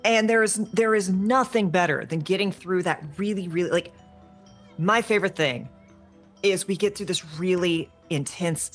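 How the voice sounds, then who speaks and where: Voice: mid-range voice, fairly bright tone. A co-host in a casual, earnest chat about tabletop games, often saying "like". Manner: earnest, repeats "like". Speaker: podcast co-host.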